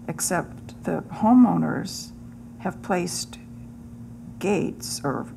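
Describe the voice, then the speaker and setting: Gravelly lady at a city committee meeting, hesitant, repeats herself, slight hum. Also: on the low side, a little mellow. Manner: hesitant, repeats words while thinking. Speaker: committee member.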